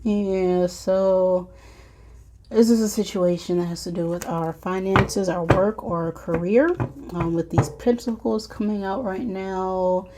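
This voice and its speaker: A woman giving a collective tarot and oracle card reading. She is reflective, speaks straight to the viewer and adds soft sighs and asides. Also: medium pitch, steady tone, a little slow, a little hiss or hum. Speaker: tarot reader.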